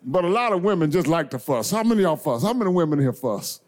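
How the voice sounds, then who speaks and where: Impassioned preacher man, lively swooping voice. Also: fairly high pitch, fast talker. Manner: call-and-response preaching, swings from soft asides to shouted climaxes; folksy, addresses the congregation as y'all and baby. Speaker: bishop preaching. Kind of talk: sermon. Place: church sanctuary before a congregation.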